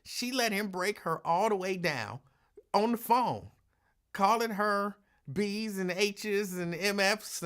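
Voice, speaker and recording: A woman hosting a call-in talk show, chatting casually with callers and telling animated stories with laughs. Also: medium pitch. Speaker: radio talk show host.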